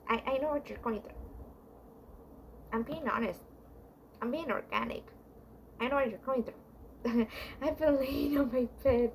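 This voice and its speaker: A woman talks straight to camera in a casual, confiding advice monologue. Her voice sits high. She rambles earnestly, restarting her sentences and leaning on fillers as she goes. A faint background hiss runs under her voice. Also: fairly bright tone. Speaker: vlogger giving relationship advice.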